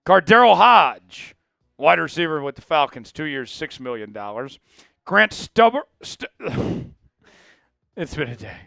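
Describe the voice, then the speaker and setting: A man's voice: fairly high pitch, expressive, slow pace, gravelly, a bit bright, smooth, no room sound, clean studio sound. A man hosting a live sports news stream, blunt and opinionated, rattling off news items while worn out after hours of live coverage. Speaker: sports show host.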